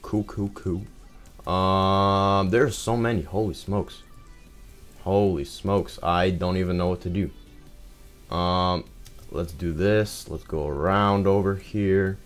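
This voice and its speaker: A young man giving excitable live commentary over his own gameplay, full of exclamations and fillers. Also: low voice, slow, soft background music.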